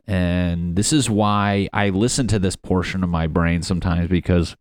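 A man's voice: sits low, fairly even intonation, normal speed, hardly any pauses, dry recording, clean studio sound. A young man hosting a casual solo podcast, rambling and self-mocking with plenty of swearing. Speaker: podcast host.

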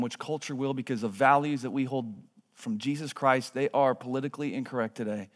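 A man in his thirties preaching a sermon in a church, earnest, moving between hushed and emphatic delivery. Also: mid-range voice, a little fast. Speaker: pastor. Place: church sanctuary. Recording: long hall reverb.

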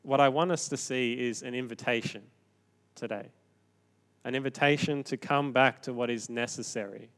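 A man delivers a sermon in an easy, conversational way. His voice sits at a middle pitch, and he moves from hushed, reflective moments to firm, emphatic points. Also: moderate pace. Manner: conversational, animated, shifting from quiet to emphatic. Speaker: pastor.

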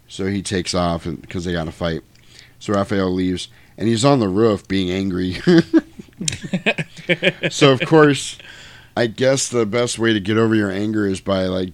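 A man's voice: deep voice, gravelly, no echo. A man casually recapping a movie scene by scene on a podcast, profane and joking. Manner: profane, joking, quick to do voices.

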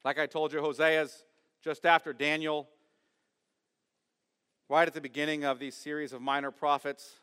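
A man preaching a sermon as pastor, emphatic, asking his congregation questions and swinging from loud stress to quiet asides. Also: on the high side, little pitch movement, normal speed, pauses often, clear, resonant tone, big-room sound. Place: church sanctuary.

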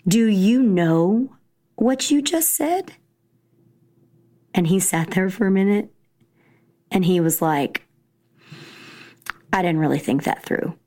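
A middle-aged woman, a Christian speaker, telling a personal story in a conversational way and acting out the dialogue. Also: medium pitch. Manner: animated, conversational, acts out dialogue.

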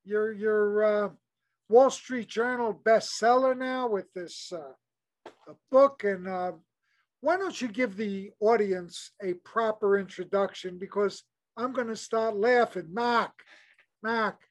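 Chatty older male podcast host. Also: sits high. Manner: jovial, halting with many fillers. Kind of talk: casual interview.

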